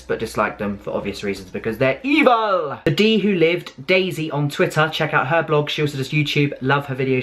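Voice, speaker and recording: A young man, chatting to camera as a vlogger in a hyper, gushing way with bursts of squealing excitement. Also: mid-range voice. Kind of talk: casual chat to camera.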